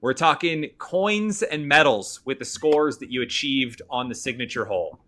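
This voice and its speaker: A man's voice: mid-range voice, lively intonation, normal speed, sharp tone. A man co-hosting a golf podcast, laid-back in casual chat, with dry humor. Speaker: podcast co-host.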